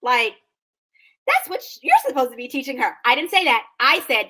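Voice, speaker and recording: A woman in her thirties with a high, bright voice co-hosts a casual chat. She tells her story in an animated, sassy way and acts out each person's lines. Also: moderate pace. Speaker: podcast co-host.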